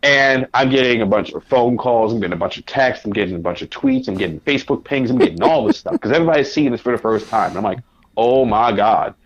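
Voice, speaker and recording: Man telling an animated story. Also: mid-range voice, fast, few pauses, slightly rough. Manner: animated anecdote with quoted asides. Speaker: guest. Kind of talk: casual storytelling. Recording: dull lo-fi audio.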